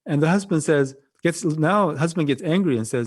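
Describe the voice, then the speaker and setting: Halting Korean-accented monk giving a talk. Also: male voice, fairly high pitch, lively intonation. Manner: gentle, halting, repeats phrases often. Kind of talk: dharma talk over video call. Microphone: video call.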